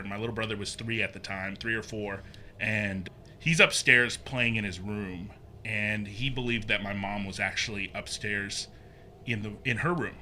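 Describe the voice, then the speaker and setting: A man guest on a podcast, telling a personal story in a casual, animated way, acting out the voices he quotes and using plenty of fillers. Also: lowish voice, slight background noise. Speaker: podcast guest, haunted maze builder.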